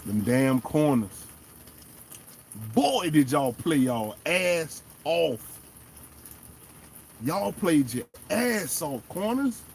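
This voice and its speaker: A man hosting a fan show, giving animated, emphatic casual commentary and talking straight to the players. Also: medium pitch, a little hiss or hum. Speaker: sports fan show host.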